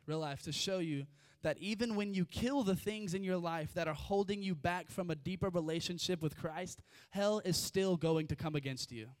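A man's voice: on the high side, smooth, dry recording, studio quality. A young man preaching a casual sermon, reading scripture with chatty, informal asides. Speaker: youth preacher.

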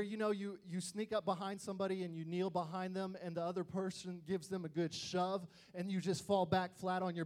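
A young man preaching to youth, telling personal family stories in an animated way and acting out the voices of people he quotes. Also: high-pitched. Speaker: youth pastor.

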